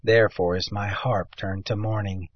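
A man with a husky voice giving a steady, measured reading of scripture. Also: lowish voice. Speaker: scripture reader. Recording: dull lo-fi recording.

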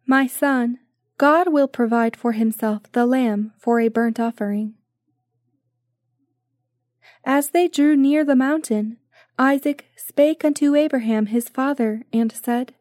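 A woman giving a scripted devotional reading in a solemn, measured way. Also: high voice, darkish tone, no echo, clean studio sound. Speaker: devotional reader.

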